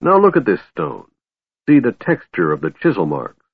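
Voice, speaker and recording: A man voicing a gruff, snappish old male dwarf in an audiobook, proud and grumbling. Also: mid-range voice, wildly swooping pitch, moderate pace, dry recording, phone-quality sound, pitched above the performer's own voice, full character voice. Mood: lecturing.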